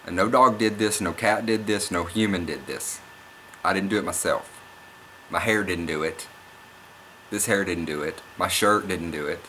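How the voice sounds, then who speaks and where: A young man with a low, bright-edged voice tells a story straight to camera. He rambles and repeats himself, getting more and more excited. A faint hiss sits under the recording. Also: normal speed. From Oklahoma. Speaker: vlogger. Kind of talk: casual storytelling vlog.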